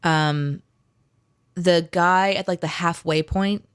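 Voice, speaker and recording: A young adult woman co-hosting a live talk stream, chatting casually and telling stories in an expressive way while she reads out viewer comments. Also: fairly low pitch, takes it slowly, clear, resonant tone.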